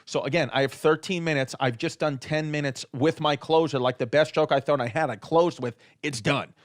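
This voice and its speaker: A man's voice: on the high side, brisk. A man, a stand-up comedian, telling a story in a casual podcast chat. He swears freely and acts out the other people's lines in his own voice.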